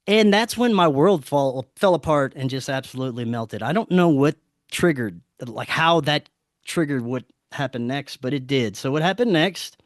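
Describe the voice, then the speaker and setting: A man's voice: on the high side, no echo, clean studio sound. A man guesting on a podcast, telling a story casually and animatedly, swearing freely and acting out the dialogue.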